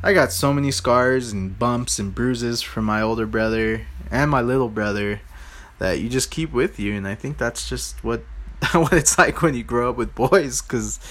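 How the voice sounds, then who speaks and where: A man's voice: mid-range voice, moderate pace, fairly bright tone. Rambling, easygoing man hosting a podcast. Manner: rambling, loose and informal, with many fillers and asides to listeners. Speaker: podcast host. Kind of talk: casual storytelling podcast.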